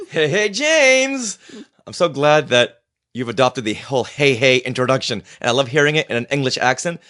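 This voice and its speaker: A man co-hosting a casual fan podcast, bantering in an excitable, playful way. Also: mid-range voice, brisk, no echo, studio quality. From United States. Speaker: podcast co-host.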